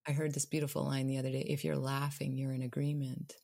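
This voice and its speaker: A woman podcast guest speaking slowly and reflectively, in a searching, heartfelt way. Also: a bass voice, flat delivery, vocal fry, mellow, no echo. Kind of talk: reflective conversation.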